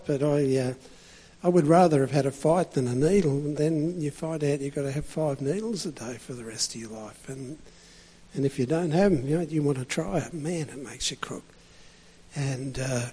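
A man's voice: on the high side, mellow, slightly rough, long reverb tail. A man preaching a sermon in a loose, conversational way, full of fillers and restarts.

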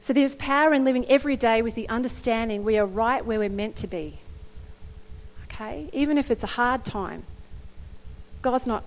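A middle-aged woman preaching a sermon in an animated, conversational way, often checking in with her listeners. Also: on the high side, normal speed, long pauses. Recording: long hall reverb.

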